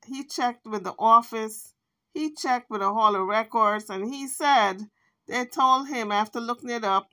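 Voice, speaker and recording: A woman's voice: medium pitch, moderate pace, sharp tone. A woman hosting a commentary vlog, recapping an argument in a chatty, speculating way. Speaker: commentary channel host.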